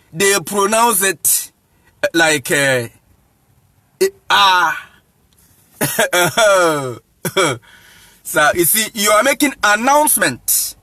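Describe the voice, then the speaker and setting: High-voiced, slow-talking evangelist man. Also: pushed and bright, no echo, studio quality. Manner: emphatic, spells out letters, frequent laughs; addresses listeners directly. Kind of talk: lecture-style talk.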